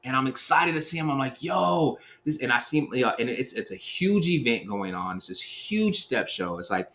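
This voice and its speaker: A man in his thirties telling a personal story in a relaxed, slangy way, acting out the quotes as he goes. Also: mid-range voice, moderate pace, a little hiss or hum. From Seattle area, USA. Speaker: speaker sharing life advice. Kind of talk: storytelling talk.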